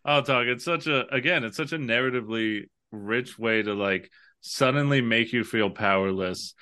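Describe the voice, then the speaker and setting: A man co-hosting a casual gaming podcast, swearing freely and telling stories with animated energy. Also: medium pitch, moderate pace, smooth. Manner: profane, animated storytelling. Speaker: podcast co-host.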